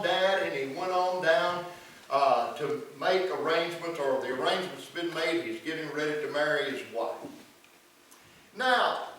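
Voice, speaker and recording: A man's voice: high voice, a bit bright. A middle-aged man, preaching in a folksy storytelling way in a church sanctuary. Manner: folksy storytelling with acted-out quotes. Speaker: pastor. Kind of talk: sermon. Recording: echoey church room from far off.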